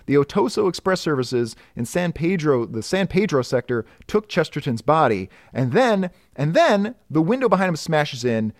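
Lively, exasperated man picking apart details. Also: a little high, moderate pace, few pauses, no room sound, studio quality. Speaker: podcast co-host reviewing a comic. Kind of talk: casual critical chat.

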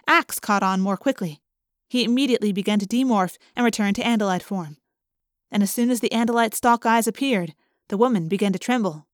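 A woman narrating a first-person novel in a clear, measured storytelling manner. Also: on the high side, no echo, clean studio sound. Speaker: audiobook narrator.

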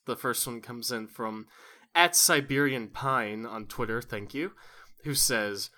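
A man with a bright, forward voice co-hosts a comedy podcast. He reads listener questions and riffs in loose, swear-heavy banter. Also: mid-range voice. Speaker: podcast co-host. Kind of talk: casual comedic chat.

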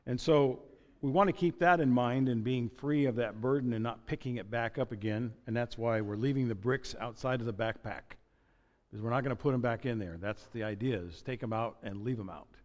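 A man's voice: mid-range voice, a little fast, big-room sound. A man preaching a sermon as pastor, conversational and joking, with asides and restarts.

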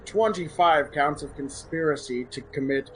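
Man playing a proclaiming executioner, theatrical, a bit higher than his own voice, tabletop game. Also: normal speed, a little hiss or hum, natural voice, rough recording. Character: grandstanding male executioner at a public hanging.

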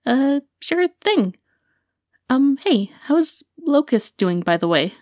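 A woman's voice: sits high, sing-song, slow, a little mellow, no echo, studio quality, full character voice. An actress playing a young woman student who talks nervously, stammering with many fillers. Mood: anxious. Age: young adult. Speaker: student and podcaster.

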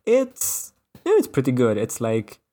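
A man's voice: medium pitch, wildly swooping pitch, a little slow, mellow. A man from Italy co-hosting a casual comic book chat, rambling and dotting his talk with fillers. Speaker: podcast co-host.

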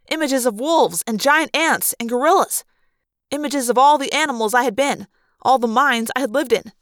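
Woman reader for a fan audiobook; expressive narration, higher voice, dry recording. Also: no echo. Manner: expressive storytelling.

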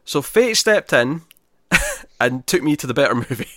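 A man's voice: a little high, big pitch swings, a little slow, pushed and bright, dry recording, clean studio sound. A man co-hosting a casual movie-ranking chat, talking enthusiastically, laughing often and restarting his sentences. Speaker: podcast co-host ranking movies.

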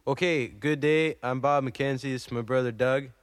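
An actor playing a dim, easily flustered Canadian hoser on a comedy album, rambling and bickering with lots of fillers in a Canadian accent. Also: male voice, medium pitch, normal speed, no room sound, close to an everyday voice. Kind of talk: improvised comedy album sketch.

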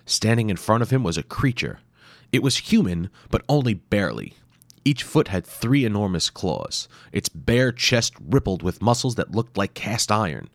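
A deep-voiced male storyteller reads an action tale with lively, swooping intonation. He voices the sound effects himself, recorded close in a dry room. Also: moderate pace, no echo. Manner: dramatic, with acted sound effects. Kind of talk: scripted adventure narration.

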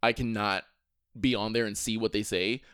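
A man's voice: lowish voice, fairly even intonation, normal speed, fairly bright tone, clean tone, no room sound, clean studio sound. A young man co-hosting a podcast, ranting in casual chat, restarting his sentences a lot and swearing often. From Virginia. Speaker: podcast co-host.

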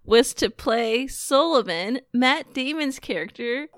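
A giggly woman chats casually with a fairly high, very lively voice. She speaks at an unhurried pace and tosses in playful, cheeky remarks. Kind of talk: casual chat.

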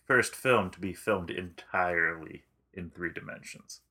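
A man on a casual movie podcast, talking with slangy enthusiasm. His voice is low but bright and forceful. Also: measured pace, slightly rough. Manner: enthusiastic, slangy, emphatic agreement. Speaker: podcast co-host. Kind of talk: casual movie-review chat.

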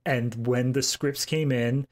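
A man's voice: medium pitch, steady tone, slow pace. A man co-hosting a movie podcast, chatting casually with dry, sarcastic quips. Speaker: podcast co-host. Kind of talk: casual movie review chat.

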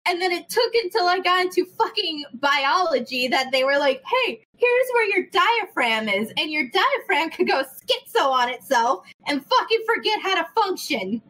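A young woman telling a story in casual chat, animated, swearing freely and acting out the people in it. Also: very high-pitched, moderate pace, hardly any pauses, slight background noise, low-quality recording. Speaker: podcast host.

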